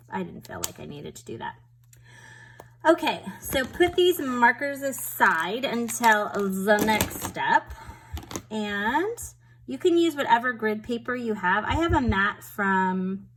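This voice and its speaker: A woman's voice: mid-range voice, slight background noise, low-quality recording. Chatty woman demonstrating a craft. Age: adult with a school-age daughter. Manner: chatty, rambling, self-deprecating. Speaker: papercraft tutorial host.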